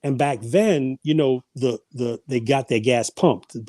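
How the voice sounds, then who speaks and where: Mellow-voiced man telling family stories. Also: mid-range voice, measured pace, no echo. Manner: rambling, frequent restarts and repeated words. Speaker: podcast guest. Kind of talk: casual storytelling.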